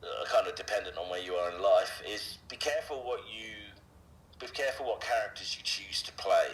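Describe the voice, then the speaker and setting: A voice actor being interviewed, a man talking casually and haltingly, with frequent fillers and restarts. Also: low-pitched, fairly bright tone, a little hiss or hum, rough recording. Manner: hesitant, many fillers and restarts.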